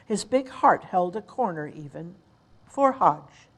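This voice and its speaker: An older woman reading poetry aloud in a measured way at a retirement community. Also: lowish voice, expressive, slightly rough, rough recording. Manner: slow, measured recitation. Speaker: resident reader.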